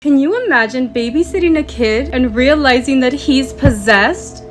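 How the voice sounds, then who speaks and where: Higher-voiced woman over background music. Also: lively intonation, moderate pace. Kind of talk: casual horror storytime.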